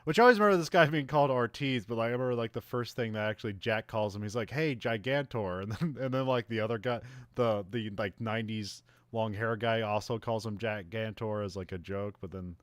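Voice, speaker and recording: A man chats through a movie plot in a loose, rambling way, breaking into laughter often. His voice sits somewhat low. The sound is dry and close, with no room echo. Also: quick pace, hardly any pauses. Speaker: podcast co-host. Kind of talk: casual movie recap chat.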